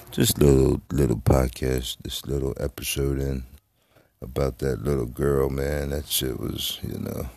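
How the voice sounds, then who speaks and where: A man's voice: very deep voice, unhurried, gravelly, very noisy. A middle-aged man hosting a casual solo podcast, rambling and swearing freely, trailing off into fillers. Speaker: podcast host. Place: Florida.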